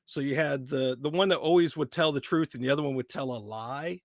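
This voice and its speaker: A man, a voice actor guest, chatting in an animated, playful way during an interview. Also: medium pitch, brisk, vocal fry, no echo, clean studio sound. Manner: animated, laughing, playful storyteller. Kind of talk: casual interview chat.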